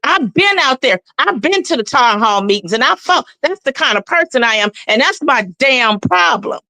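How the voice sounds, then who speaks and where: A woman's voice: high-pitched, lively intonation, moderate pace, pushed and bright, no room sound. A woman in her forties with a Southern US accent, giving blunt, profane, impassioned commentary as a guest. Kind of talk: heated casual commentary.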